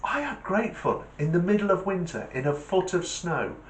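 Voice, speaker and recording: Lively, chatty man vlogging. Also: high voice, normal speed, reverberant, slight background noise. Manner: chatty, enthusiastic. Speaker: channel host. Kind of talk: casual vlog chat and joke telling.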